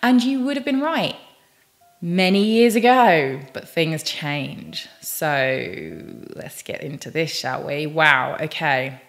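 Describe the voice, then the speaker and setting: Brief: British woman vlogger, low voice, bubbly and chatty, faint music behind. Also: expressive, takes it slowly. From United Kingdom. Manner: bubbly, chatty, rambling asides. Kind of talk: personal vlog, casual chat.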